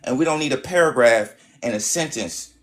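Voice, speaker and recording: An insistent man hosts a casual livestream with callers. He repeats his points again and again and talks over anyone who strays. His voice sits at an everyday middle pitch. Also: expressive, brisk, fairly bright tone. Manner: insistent, repeats himself, keeps cutting in. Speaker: livestream host.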